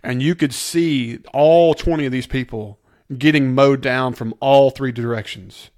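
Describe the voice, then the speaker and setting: A man's voice: medium pitch, fairly even intonation, a little slow, darkish tone. A man co-hosting a podcast, breaking down a TV episode in casual chat, emphatic and explaining his points step by step. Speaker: podcast co-host.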